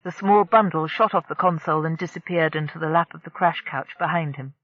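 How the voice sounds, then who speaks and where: An audiobook narrator reading a science fiction novel in a steady storytelling manner. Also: medium pitch, a little fast, no echo, highs cut off. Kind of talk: scripted narration.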